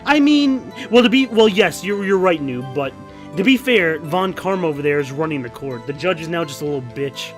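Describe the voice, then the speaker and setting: A man's voice: a little high, expressive, moderate pace, faint music behind. A man from New York giving goofy, joking commentary over a game and laughing often. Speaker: let's play streamer. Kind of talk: casual gameplay commentary.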